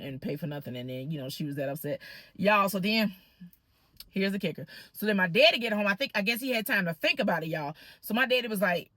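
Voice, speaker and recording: A woman telling a personal story to her viewers in a casual, animated way, acting out the people she quotes. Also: medium pitch, no echo. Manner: animated, addresses viewers as y'all, acts out quoted voices. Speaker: vlogger.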